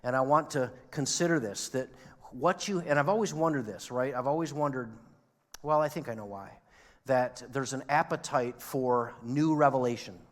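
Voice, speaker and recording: A man's voice: mid-range voice, normal speed, long reverb tail. A man preaching a sermon as pastor, talking conversationally and asking his listeners questions. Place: church sanctuary.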